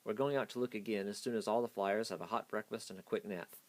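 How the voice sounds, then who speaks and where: A man's voice: fairly low pitch, steady tone, fast talker, close to an everyday voice. A man voicing a sad, weary father reindeer in a children's storybook reading. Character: tired grown male reindeer father.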